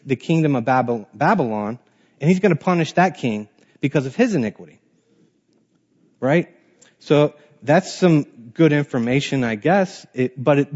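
A man's voice: on the high side, a little mellow. Man teaching a Bible class, lo-fi. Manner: reads scripture aloud then explains it plainly, with restarts.

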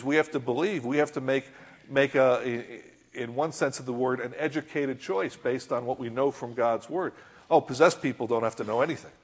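Man, preacher, sermon, husky voice, conversational, rhetorical questions, reading and explaining scripture. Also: medium pitch. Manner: reads scripture aloud and comments on it.

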